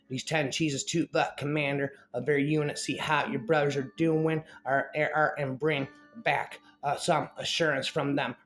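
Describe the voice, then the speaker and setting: A man reading a Bible story aloud with frequent stumbles, breaking into improvised scat rap fillers between passages. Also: medium pitch.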